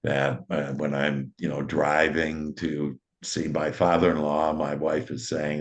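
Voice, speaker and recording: A man's voice: a bass voice, slow, hardly any pauses. A middle-aged man hosting a casual conversation, rambling through stories with many fillers and restarts. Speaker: host.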